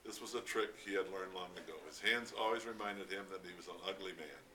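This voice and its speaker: A man reading a novel aloud at a library event, steady with occasional stumbles. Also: sits low, fairly quick. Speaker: reader at a library read-out. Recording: distant mic, faint background noise.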